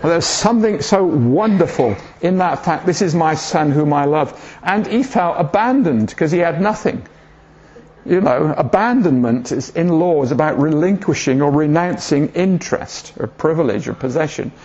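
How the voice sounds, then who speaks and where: A man's voice: fairly high pitch, lively intonation, normal speed, darkish tone. A man preaching an informal sermon in a church, chatty and jokey, often asking the congregation questions. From southern England. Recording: dull lo-fi church recording.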